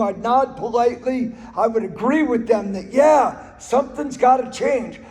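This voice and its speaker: A man's voice: very high voice, darkish tone. A man giving an earnest personal recovery talk, telling stories and repeating phrases for emphasis. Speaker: speaker sharing his recovery story. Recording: reverberant hall recording.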